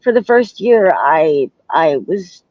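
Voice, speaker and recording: A woman in her thirties, a guest in an interview, recounting her past in a halting, searching way. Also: on the low side, animated, dry recording. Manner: hesitant, halting, searching for words. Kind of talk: personal storytelling in an interview. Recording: slightly dull, dry sound.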